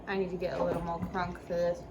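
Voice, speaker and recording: A woman's voice: fairly low pitch, little pitch movement, quick pace, lo-fi sound. A woman hosting a casual home cooking video in her kitchen, talking in playful, profane mock-chef banter. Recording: noisy room ambience.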